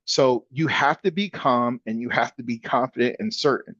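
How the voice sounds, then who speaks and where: A man giving a casual, energetic real estate training talk in a punchy coaching manner. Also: medium pitch, normal speed, no echo. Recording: dull dry sound.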